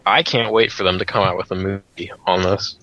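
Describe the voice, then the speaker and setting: A man's voice: low voice, fairly even intonation, fairly quick, pushed and bright. A man guesting on a casual podcast, easygoing and chiming in with short agreements. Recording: dull lo-fi mic.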